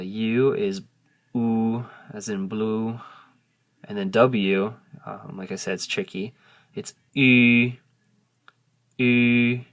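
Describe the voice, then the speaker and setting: Slow, low-voiced man teaching pronunciation. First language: English. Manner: slow, patient explaining, modelling sounds aloud. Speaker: language teacher. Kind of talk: casual video lesson on pronunciation.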